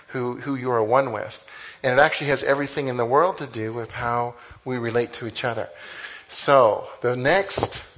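Man, pastor, sermon, conversational, animated, exclamations, mid pitch.

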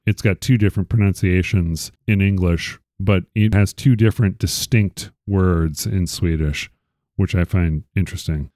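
A man hosting a podcast, reading out word definitions deliberately and asking questions. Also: low voice, dark tone, dry recording, clean studio sound. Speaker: podcast host. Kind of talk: casual interview chat.

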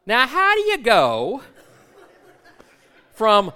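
A male pastor in his forties tells a funny personal story from the pulpit and pokes fun at himself as he acts out every line of dialogue. His voice sits a little high for a man and swings widely up and down. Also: measured pace, pauses often. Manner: animated storyteller, self-mocking, acts out dialogue.

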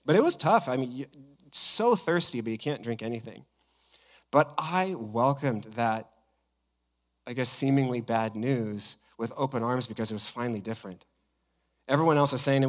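A man, a pastor, preaching a sermon and telling a personal story in an animated way, often acting out what others said. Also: mid-range voice, brisk.

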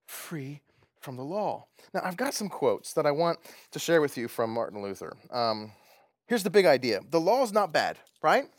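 A man's voice: on the high side, big pitch swings, normal speed, dry recording, clean studio sound. A man preaching a conversational sermon who chuckles often and asks his listeners questions. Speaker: pastor.

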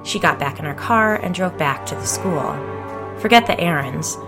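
A woman narrating a story as an audiobook in a measured, low-key reading, with faint music behind her. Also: lively intonation. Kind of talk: scripted first-person fiction narration.

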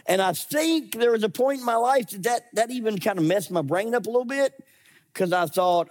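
A middle-aged male pastor preaching a sermon, animated and acting out voices in his stories. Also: high-pitched, fairly quick. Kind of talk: sermon with scripture reading.

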